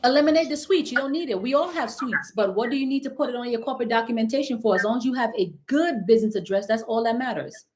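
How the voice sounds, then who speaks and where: A woman's voice: a little high, fast, few pauses, darkish tone. Emphatic woman coaching live. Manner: direct, emphatic, repeats points. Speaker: business credit coach hosting a live Q&A. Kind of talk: live stream Q&A.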